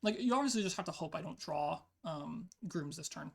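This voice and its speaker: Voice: mid-range voice, animated, brisk, vocal fry. A player thinking aloud in casual commentary over their own online card game match, peppering speech with "like". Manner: thinks aloud, frequent "like" fillers.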